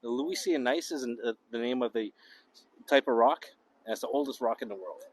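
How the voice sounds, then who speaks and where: A man co-hosting a live virtual tour, speaking in a soft, hesitant, informative way. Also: medium pitch, very animated, a little fast, creaky. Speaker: co-host tour guide.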